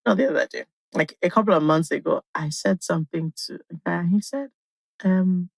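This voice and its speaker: A woman's voice: fairly low pitch, fairly quick, gravelly, dry recording. A woman hosting a podcast, chatting casually and telling dating stories, acting out what people said. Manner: animated storytelling, acts out quotes. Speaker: podcast host. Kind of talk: casual chat.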